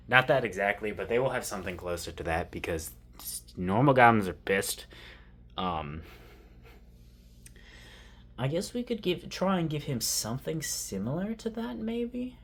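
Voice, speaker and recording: A man's voice: lowish voice, slight background noise. A man giving casual, rambling commentary while he draws, thinking aloud to himself and poking fun at himself. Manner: casual and self-mocking. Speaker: artist drawing on camera.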